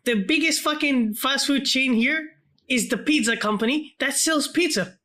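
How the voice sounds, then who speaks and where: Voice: sits high, moderate pace, sharp tone. A podcast co-host in casual chat, laid-back and hesitant, with many fillers.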